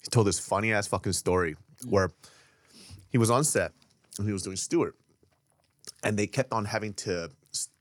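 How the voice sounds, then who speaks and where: A man's voice: lowish voice, normal speed, pauses often, no room sound. A man swapping crude stories in casual chat as a podcast co-host, swearing freely and laughing often. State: wearing knee braces.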